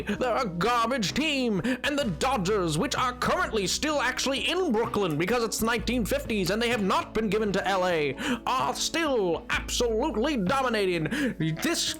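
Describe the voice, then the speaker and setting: A man's voice: extremely high pitch, a bit bright. A man doing a hammy, theatrical 1950s male radio host, reading weather and sports news in an old-fashioned announcer delivery.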